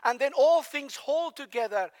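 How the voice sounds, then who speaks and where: A man's voice: extremely high pitch, expressive, moderate pace. A man from Spain preaching a sermon in a conversational way, putting questions to the congregation. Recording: long reverb of a large hall.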